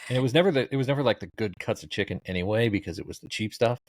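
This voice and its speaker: A middle-aged social media comedian chats casually as a podcast guest, drifting through long stories with laid-back, dry wit. His lowish voice races along, with a little hiss or hum in the audio.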